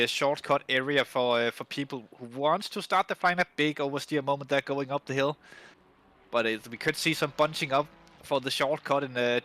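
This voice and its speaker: A man commentates a sim race live in chatty, loose English that is not his first language. He laughs often and fills pauses with uhs and restarts. His voice is bright and forward, at a middle pitch.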